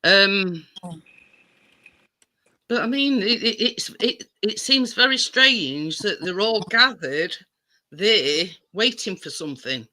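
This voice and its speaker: A man co-hosting a casual live stream, asking slow, musing questions. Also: sits high, lively intonation, pushed and bright, poor audio. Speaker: co-host.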